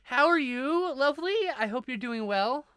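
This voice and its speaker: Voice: high-pitched, expressive, normal speed, clear, resonant tone, no room sound, studio quality. A live streamer chatting casually with viewers, thanking them and swearing freely. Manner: greets and thanks viewers warmly.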